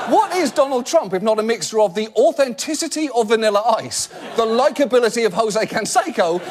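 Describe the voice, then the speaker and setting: A man delivering a satirical late-night monologue, animated and mock-outraged, breaking into shouts. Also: sits high. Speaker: host. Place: TV studio stage with audience. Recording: live studio audience laughing, some noise.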